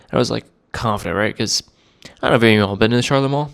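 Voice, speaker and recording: Young man in his twenties, casual vlogger; mid-pitched, clean voice; rambling, self-deprecating storyteller. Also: quick pace, creaky, hardly any pauses. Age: 20s. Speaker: cigar vlogger. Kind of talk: casual chat to camera.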